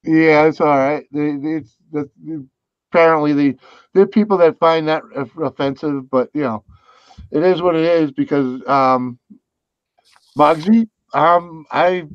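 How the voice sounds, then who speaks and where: A man hosting a stream in casual chat, halting and easygoing, laughing often. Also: fairly high pitch, dry recording. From New England, US. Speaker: live stream host. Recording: dull, lo-fi stream audio.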